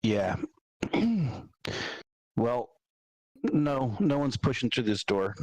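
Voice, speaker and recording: Slow, tentative man, dry sound. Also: mid-range voice, very animated, a little mellow, no echo, poor audio. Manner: tentative, clears throat often. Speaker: player. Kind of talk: tabletop role-play chat.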